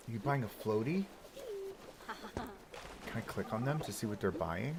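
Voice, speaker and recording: A man's voice: mid-range voice, big pitch swings, measured pace, creaky, noisy background. A man casually talking through his theme park build on a live stream, thinking aloud with lots of "like" and "right?". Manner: chatty, thinking aloud with many "like"s and rhetorical "right?".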